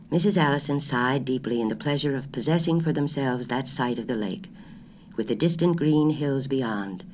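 A narrator giving a measured, expressive reading of a story. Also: mid-range voice, a little hiss or hum. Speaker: audiobook narrator.

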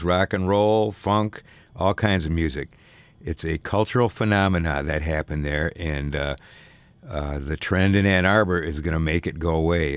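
A man's voice: very deep voice, clean tone. An older man hosting a radio music show, talking in a rambling, laid-back way with lots of hesitations and fillers. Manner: rambling, many filler ums and restarts. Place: radio studio.

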